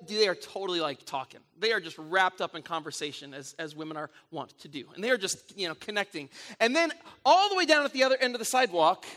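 A middle-aged man preaching a sermon, telling stories in an animated way with frequent restarts. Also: sits high. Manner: animated storytelling with repeated restarts. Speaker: pastor.

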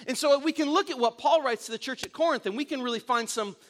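Man, pastor, sermon, high-pitched, animated storyteller, repeats himself. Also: quick pace.

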